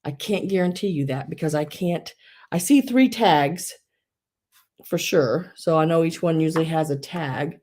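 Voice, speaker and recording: A woman's voice: deep voice, normal speed, dark tone. Giggly chatty woman. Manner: chatty, giggly, restarts often. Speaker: host of a live online sale. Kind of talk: casual live sale chat.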